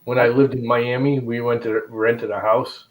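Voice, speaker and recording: A man's voice: mid-range voice, little pitch movement, normal speed, rough recording. A man chatting on a video call, joking and laughing as he tells stories. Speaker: guest. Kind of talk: casual video call chat.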